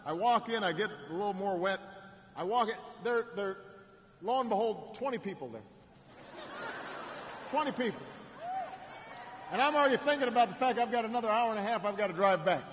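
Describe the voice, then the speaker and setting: A man giving a storytelling campaign speech at a rally in a large arena, with frequent repeated words and restarts and pauses for effect. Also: high-pitched, fairly bright tone, a little hiss or hum. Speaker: political speaker at a rally. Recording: echoing arena with faint ambience.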